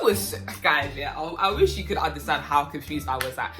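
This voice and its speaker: Young woman, low-pitched, animated storytime vlog, music behind. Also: brisk, few pauses. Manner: animated, swings into loud high outbursts. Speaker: waitress telling a story.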